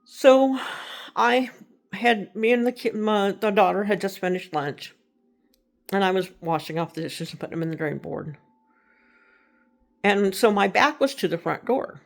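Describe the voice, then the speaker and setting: A woman's voice: mid-range voice, a little slow, vocal fry, pauses often. A middle-aged woman casually telling a personal ghost story, rambling and correcting herself as she goes. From Texas. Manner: rambling, self-correcting, conversational.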